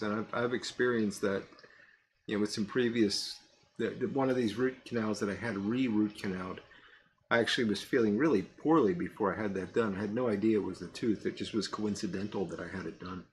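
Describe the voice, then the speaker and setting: A man's voice: fairly low pitch, slight background noise. Chuckling man hosting a chat stream. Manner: chuckles often, jokey and rambling. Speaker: host of a live pipe-smoking stream. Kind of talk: casual live-stream chat reading viewer comments.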